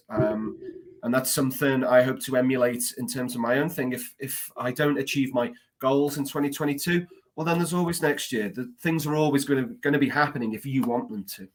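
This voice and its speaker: A man with a non-American English accent, a guest on a livestream, talking earnestly and politely about his work. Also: medium pitch. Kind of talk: casual interview chat.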